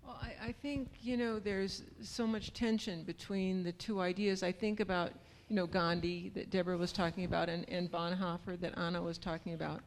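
A woman in a church congregation speaking in a thoughtful, measured way. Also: fairly low pitch, fairly even intonation, a little hiss or hum. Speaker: congregation member.

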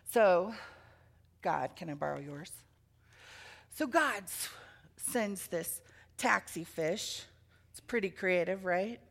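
Woman pastor with a gravelly edge, animated storyteller for a children's sermon, engaging young listeners with questions. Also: on the low side, slow, pauses often. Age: adult with children. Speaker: preacher.

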